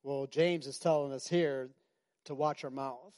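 A middle-aged male pastor preaching a sermon in a conversational way, repeating phrases and breaking into sudden shouts. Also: mid-range voice, steady tone, unhurried.

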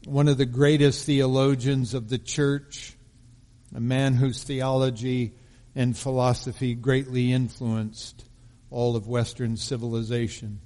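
Male pastor, mid pitch, measured storytelling sermon, long hall reverb. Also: level tone, a little mellow. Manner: measured storytelling delivery, slowing for emphasis.

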